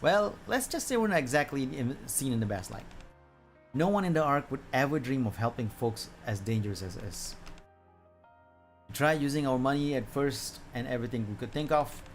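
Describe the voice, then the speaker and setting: A man voicing a secretive collector who smuggles supplies from the surface, reading the lines aloud with stumbles and restarts in his own plain voice, soft faint music behind him. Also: mid-range voice, animated, moderate pace, lightly acted. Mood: earnest.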